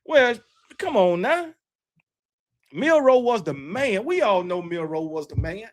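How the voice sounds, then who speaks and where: High-voiced man chatting football. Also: big pitch swings, a little slow. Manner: rambling, self-correcting, talks back to chat; boastful sports banter. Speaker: livestream host. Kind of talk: casual chat with live viewers.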